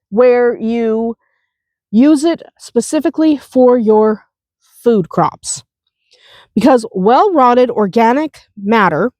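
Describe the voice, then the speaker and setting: A woman's voice: fairly high pitch, darkish tone, no room sound. A woman with a cold hosting a homestead video outdoors, chatty and prone to restarts, explaining how to compost. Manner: chatty, laughs, restarts often. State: has a cold, chewing a lozenge. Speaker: homestead channel host. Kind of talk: casual outdoor how-to talk.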